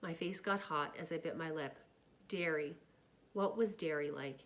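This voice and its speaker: A woman reading a novel aloud in a steady, plain way. Her voice sits low for a woman. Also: normal speed. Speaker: reader.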